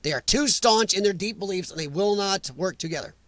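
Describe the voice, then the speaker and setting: Stream host, male, high-pitched, blunt and opinionated, dry close sound. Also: brisk, dry recording. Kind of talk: casual live-stream chat reading comments.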